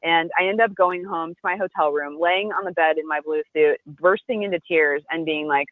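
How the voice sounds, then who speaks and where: A woman, a restaurant founder, telling a personal story in an interview, animated and acting out the voices of the people she quotes. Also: low voice, moderate pace, hardly any pauses, dry recording, phone-quality sound. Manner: conversational, with frequent "like" and restarts.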